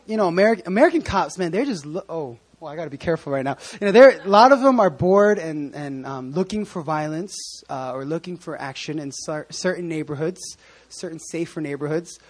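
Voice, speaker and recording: A man preaching a casual sermon, chatty and joking with many asides. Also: high-pitched. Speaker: pastor.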